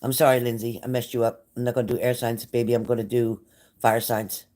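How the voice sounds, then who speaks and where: An older woman with a very deep, mellow, level voice speaks a little fast, chatting loosely and directly to viewers of her psychic-reading livestream. Emotional and scattered, she hops between thoughts while getting ready to give a reading.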